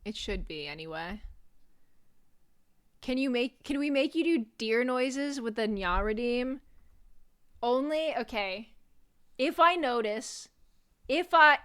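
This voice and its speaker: Young woman, VTuber streamer, casual chat, playful, laughs a lot, unhurried delivery. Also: on the high side, a bit bright, clear, resonant tone.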